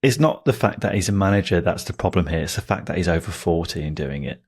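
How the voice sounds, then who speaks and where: A man in his thirties co-hosting a casual football podcast, making dry, wry remarks with halting repeats. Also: low-pitched, lively intonation, slightly rough. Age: 30s. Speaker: podcast co-host.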